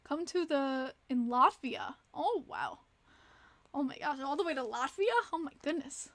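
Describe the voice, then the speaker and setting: High-voiced chatty woman streamer. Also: lively intonation, fairly bright tone. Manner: chatty, reacts to viewer chat with quick exclamations. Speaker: livestream host. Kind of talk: casual livestream chat.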